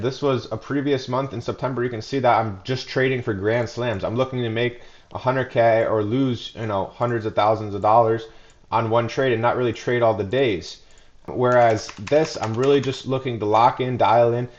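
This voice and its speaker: A man who is a day trader, talking fast and packing in information as he gives viewers a casual recap of his trading month. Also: medium pitch, highs cut off.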